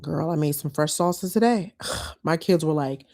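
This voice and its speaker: A woman's voice: low-pitched, moderate pace, dark tone. A woman, chatting casually and heartfelt to her viewers as a lifestyle vlogger.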